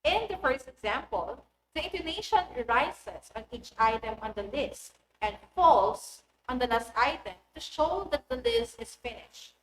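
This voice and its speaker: A woman, a teacher giving a recorded English lesson in a clear, deliberate voice that stresses key words. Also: high-pitched, sing-song, fairly bright tone. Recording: echoey room with faint noise.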